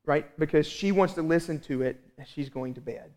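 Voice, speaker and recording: A man in his thirties preaching a sermon as pastor, telling a family story with lively, animated asides. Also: a little high, fairly quick, hardly any pauses. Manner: animated storytelling, acts out his own exasperation.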